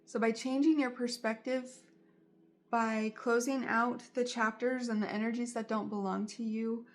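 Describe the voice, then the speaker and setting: A woman's voice: a little high, steady tone, normal speed. A woman giving a tarot reading straight to her viewers, in a soothing, reassuring way and often repeating her phrases. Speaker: tarot reader.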